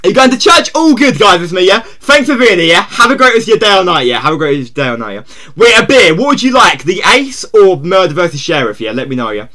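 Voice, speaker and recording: Excitable high-voiced male streamer. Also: fast. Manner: tags nearly every phrase with "yeah?", talks to chat; excitable, shouts when surprised. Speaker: live streamer. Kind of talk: casual live gaming stream chat.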